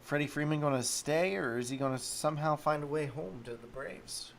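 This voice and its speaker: A man's voice: on the high side, a little fast, creaky, a little hiss or hum. A man hosting a solo sports talk stream, rambling casually and thinking aloud while he looks up stats. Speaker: sports talk show host.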